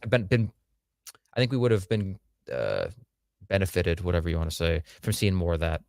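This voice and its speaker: A man with a somewhat low voice talks fast through a casual show review, blunt and crude with joking asides. His sound is close and dry, with no room around it. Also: expressive, creaky, a little mellow, no room sound. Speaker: podcast co-host.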